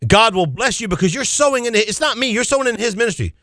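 A man's voice: sits high, lively intonation, fast, pushed and bright, dry recording, clean studio sound. A man preaching a radio sermon, fervent and exhorting, repeating his key phrases to the listeners.

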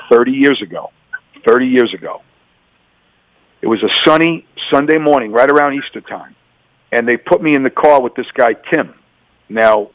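A man's voice: medium pitch, no echo, lo-fi sound. A middle-aged man from New York giving a personal testimony as a radio interview guest, telling his story and acting out both sides of the dialogue.

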